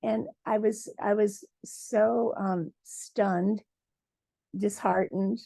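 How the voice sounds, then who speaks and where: A woman from Michigan, a textile artist, giving a lively personal talk at a symposium and acting out quoted dialogue. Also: medium pitch, extremely slow, vocal fry, no echo. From Michigan, USA. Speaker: guest speaker, textile artist.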